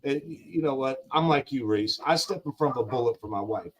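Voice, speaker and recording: A man's voice: mid-range voice, brisk, highs cut off. An older man with grandkids, talking in a heated, emphatic way on a casual live stream, full of slang and repeated lines. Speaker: guest on a live gig-driver talk show.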